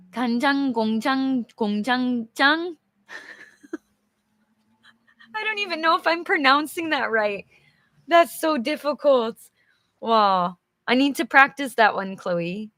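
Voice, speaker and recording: Giggly teacher lady reading a storybook to viewers, slow and a bit high, dry sound. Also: dry recording. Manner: giggly, animated, chatty with viewers. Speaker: English teacher. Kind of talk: live storybook reading with chat.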